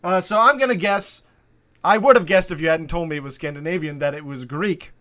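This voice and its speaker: A man with a high, bright voice hosting a comedy podcast. He riffs in casual, playful banter and delivers absurd guesses deadpan. His tone stays crisp and forward. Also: brisk. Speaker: co-host.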